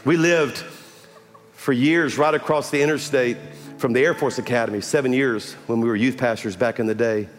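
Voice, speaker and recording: A man preaching a sermon as pastor, building from storytelling to shouted calls to the congregation. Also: mid-range voice, fairly even intonation, normal speed. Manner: builds to shouted, rising exhortation with call-and-response. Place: large church sanctuary with audience. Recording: live church recording, long reverb, music and crowd behind.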